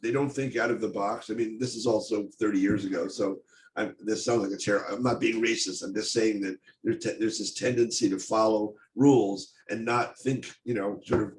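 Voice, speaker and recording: An older man giving a personal storytelling talk on stage, speaking in a halting, intense way with many restarts. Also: lowish voice, fairly even intonation. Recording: echoey room, faint noise.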